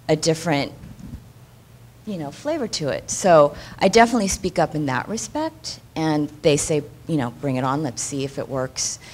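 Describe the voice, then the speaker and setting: A woman on a panel whose voice sits a little low. She talks in a measured, easygoing way, with a faint hiss of noise behind her. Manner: measured, conversational with frequent fillers. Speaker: actress on a panel. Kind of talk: panel discussion.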